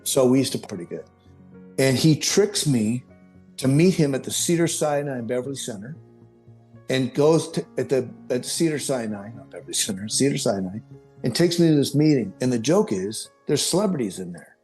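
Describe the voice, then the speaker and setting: A middle-aged man tells his story in a loose, rambling way, circling back to correct himself. His voice sits at an ordinary pitch. Faint music plays under the talk. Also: normal speed. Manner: rambling, animated, with self-corrections. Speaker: podcast guest. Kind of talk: personal storytelling.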